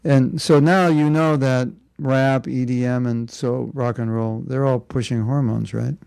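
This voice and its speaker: Male spiritual teacher, gravelly, casual lecturing with rhetorical asides. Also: medium pitch, fairly even intonation, unhurried, darkish tone, dry recording. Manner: conversational, rhetorical questions and joking asides. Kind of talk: informal spiritual class.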